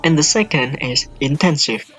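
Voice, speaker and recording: A man's voice: a little high, expressive, normal speed, fairly bright tone, faint music behind. A young man giving a class presentation as a student, explaining steadily point by point.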